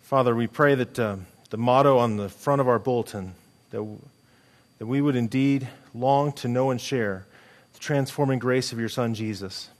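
A man's voice: mid-range voice, normal speed. A middle-aged man preaching a sermon as pastor, earnest and conversational, with frequent restarts.

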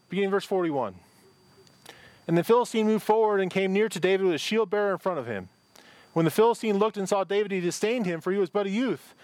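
A middle-aged man gives a sermon in a rather high voice. He reads scripture and then breaks into loose, chatty asides. The sound is dry and close, with no room echo. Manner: conversational preaching with asides and repetitions. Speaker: pastor. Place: church service with a parking-lot and online audience.

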